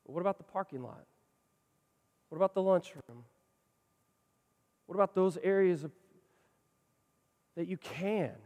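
A man preaching a sermon as pastor, swinging between loud passionate lines and quiet ones. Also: sits high, lively intonation, measured pace, long pauses, in a large hall.

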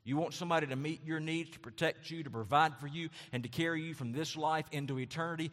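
A man's voice: fairly high pitch, fast talker, few pauses, a bit bright. A man preaching a sermon as pastor, emphatic and repetitive, with rhetorical questions. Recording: long hall reverb.

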